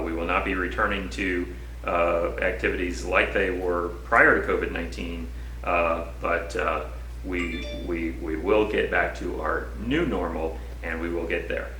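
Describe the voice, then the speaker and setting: Low bright-voiced official man. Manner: formal, measured, thankful civic address. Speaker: county administrator. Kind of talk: prepared press briefing statement. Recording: echoey room with faint noise.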